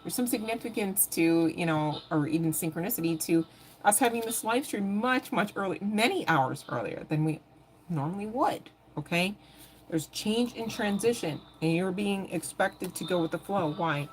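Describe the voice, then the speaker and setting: A woman giving a live tarot reading in a casual, animated way, swearing freely and laughing often. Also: lowish voice, normal speed, a little hiss or hum. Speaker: tarot reader.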